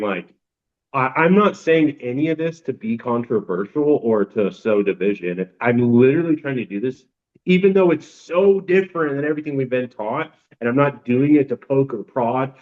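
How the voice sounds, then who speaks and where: A man's voice: medium pitch, narrow, tinny audio. A man as a guest on a podcast, talking earnestly and animatedly, repeating himself for emphasis. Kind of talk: casual podcast conversation.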